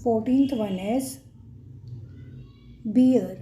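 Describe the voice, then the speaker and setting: A woman's voice: fairly high pitch, extremely slow, warm tone, a little hiss or hum. A woman with an Indian English accent hosting a children's lesson, naming animal sounds and spelling each word out letter by letter. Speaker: kids' channel host.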